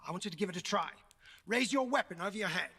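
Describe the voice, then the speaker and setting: An actor playing a stern uncle who trains a young fighter with a sword, giving measured commands. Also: male voice, sits high, expressive, bright, forceful tone, slightly rough, heavily acted. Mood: commanding. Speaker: combat trainer in a game.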